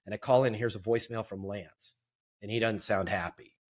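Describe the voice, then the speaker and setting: Energetic middle-aged man telling a story. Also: fairly low pitch, a little fast. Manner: energetic, self-deprecating storyteller. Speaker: sales trainer, guest. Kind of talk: storytelling interview answer.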